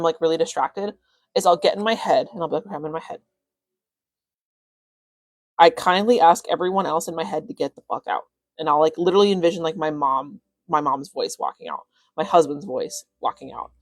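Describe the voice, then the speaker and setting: A young woman chats on a phone live stream, coaching her viewers in loose, rambling talk full of fillers. Her voice sits a little low. The sound is dry and close, with no room around it. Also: dry recording. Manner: rambling, many fillers, excitable.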